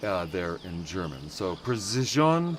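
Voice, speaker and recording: Rambling man, lowish voice. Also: very animated, unhurried, background noise. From United States. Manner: rambling, self-interrupting with many fillers; playfully mangling German words. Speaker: livestream host. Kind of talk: casual livestream game commentary.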